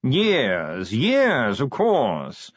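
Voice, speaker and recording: A man's voice: medium pitch, huge pitch swings, no echo, lo-fi sound, full character voice. A man voicing a fussy, posh male art curator who drawls as if yawning, in an audiobook. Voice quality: drawling, yawning upper-class speech. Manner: slow, dithering, condescending. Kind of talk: audiobook character voice.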